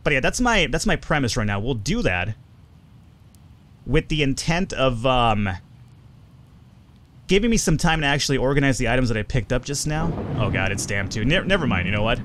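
A young man chatting casually through a survival game, swearing often and jumping up in pitch when excited. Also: moderate pace, pauses often, a little hiss or hum. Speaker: gaming video host. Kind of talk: casual let's play commentary.

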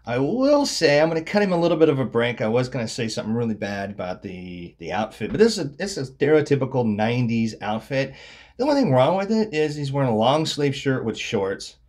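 A man's voice: mid-range voice, big pitch swings, a little fast, a little mellow. A man casually commenting on his baseball card collection, wry and mocking, often trailing off into mumbled asides.

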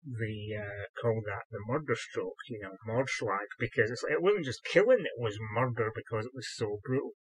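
A man's voice: lowish voice, a bit bright, slightly rough, no room sound, poor audio. A man giving a casual, rambling talk on sword history with dry asides and many fillers. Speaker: historical fencing presenter. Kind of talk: casual explanatory talk to camera.

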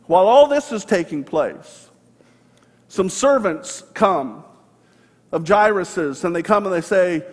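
High-voiced pastor preaching in a reverberant hall. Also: male voice, measured pace. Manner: earnest storytelling with animated quoted voices. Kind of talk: sermon. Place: church sanctuary.

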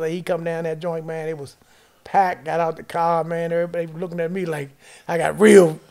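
Animated, profane DC man. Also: a little high, fairly quick, vocal fry. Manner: animated, profane storytelling, acts out quoted dialogue. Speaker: guest storyteller. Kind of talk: casual chat.

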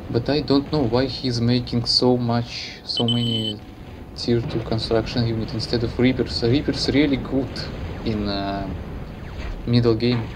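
A Russian-accented man from Russia calls a strategy game match in faltering English, stumbling through fillers and self-corrections. His mid-range voice keeps a fairly even intonation over some background noise.

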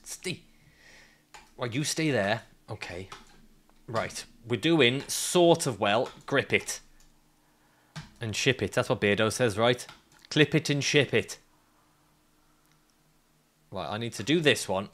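A man's voice: mid-range voice, lively intonation, takes it slowly, long pauses, fairly bright tone. A man streaming a climbing game, ranting, swearing and laughing at his climber as he plays. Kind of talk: live gameplay commentary.

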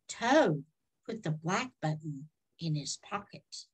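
A woman storyteller reading a children's book aloud in a slow, expressive way. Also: sits low, breathy edge, rough recording.

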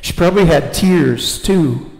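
A man preaching to his congregation, slow and deliberate, drawing listeners in with rhetorical "right?" asides as he prays and retells scripture. His voice rings through a church sanctuary with a long, roomy reverb. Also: on the high side, vocal fry, a little mellow. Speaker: pastor. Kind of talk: sermon.

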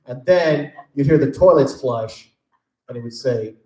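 A man's voice: mid-range voice, a little slow. A man in his fifties from Texas, telling stories and joking as a voice actor answering questions at a convention panel. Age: 50s. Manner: animated joking storyteller. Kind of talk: casual convention Q&A. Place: large convention panel room. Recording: echoey convention hall.

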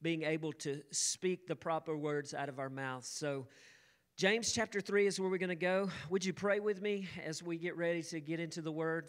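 An earnest pastor preaches in measured, repeating phrases, leading a prayer before teaching from scripture. His voice is smooth and resonant, sitting a little high for a man. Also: fairly even intonation. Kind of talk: sermon with opening prayer. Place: church service streamed online.

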